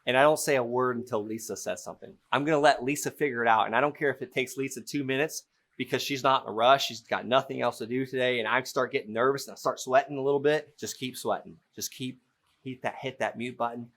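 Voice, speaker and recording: A middle-aged man teaching real estate by acting out a phone negotiation as a lively story. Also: medium pitch, fast talker. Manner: animated storytelling, playful role-play. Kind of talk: teaching through an acted-out example.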